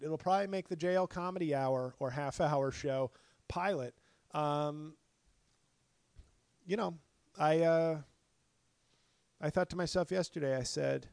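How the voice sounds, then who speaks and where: Hoarse middle-aged comic, solo podcast rant, profane and fired up, dry close sound. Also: male voice, mid-range voice, darkish tone, dry recording. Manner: profane, passionate ranting with frequent restarts. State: hoarse, voice worn from talking. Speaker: stand-up comedian and podcast host. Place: apartment.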